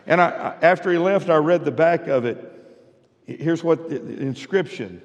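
A man's voice: a little high, normal speed, muffled recording. A man, preaching a sermon as pastor. He speaks emphatically, often stammers on his first words, and leads the congregation in repeating phrases. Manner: emphatic preaching with call-and-response repetition. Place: church sanctuary. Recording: long church reverb.

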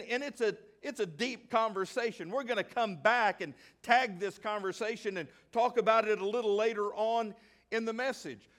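A male pastor from the American South preaching a sermon. He reads scripture at length and asks the congregation questions that he then answers himself. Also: high-pitched. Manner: reads scripture aloud at length, slowing on key words; bursts into excitement.

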